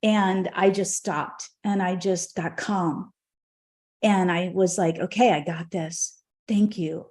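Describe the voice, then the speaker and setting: A woman's voice: medium pitch, darkish tone. A woman podcast host tells a personal story in a mid-range voice. She rambles, circles back and restarts, and her telling stays openly emotional throughout. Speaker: podcast host and horse trainer.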